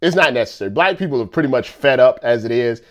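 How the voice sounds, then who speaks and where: A man's voice: medium pitch, expressive, fast, fairly bright tone. A man talking in a casual rant, repeating himself and firing off rhetorical questions.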